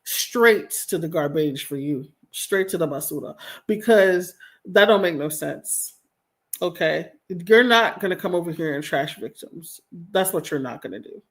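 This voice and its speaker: Speaking a bit slowly in a lowish, animated voice, this woman runs a livestream on a home streaming mic, reading out chat messages and commenting casually. Her tone is blunt and exasperated, with plenty of swearing.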